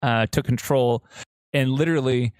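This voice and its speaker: A man's voice: medium pitch, fairly even intonation, a little mellow, smooth, no room sound. Man with a bone-dry, close sound. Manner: rambling, halting, with many fillers and restarts. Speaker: podcast co-host. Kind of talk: casual chat, storytelling.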